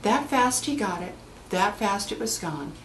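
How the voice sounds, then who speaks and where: A woman hypnotherapist telling stories about her clients in a lively way, acting out the voices of the people in them. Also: mid-range voice, measured pace, reverberant, very noisy. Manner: animated storyteller acting out quoted voices. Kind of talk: anecdotal storytelling talk.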